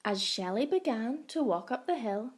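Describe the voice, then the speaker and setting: A woman primary school teacher reading a picture book aloud to young children. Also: on the high side. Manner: slow, expressive.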